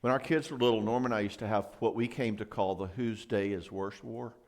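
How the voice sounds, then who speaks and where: Middle-aged male speaker, marriage seminar, lively storyteller who acts out couple quarrels. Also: on the low side, a little fast. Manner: animated storyteller, acts out both sides of quarrels. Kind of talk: church marriage seminar talk.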